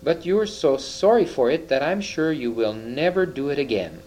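A man's voice: on the high side, lively intonation, moderate pace, darkish tone, natural voice, rough recording. A man voicing Lucy, an anxious young girl. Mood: earnest, coaxing. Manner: pleading, earnest questions. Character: kind, earnest young girl, anxious and caring.

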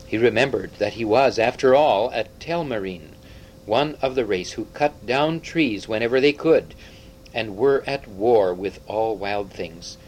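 A man narrating a storybook aloud with expressive, dramatic delivery. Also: on the low side, a little slow, slight background noise, poor audio. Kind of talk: audiobook storytelling.

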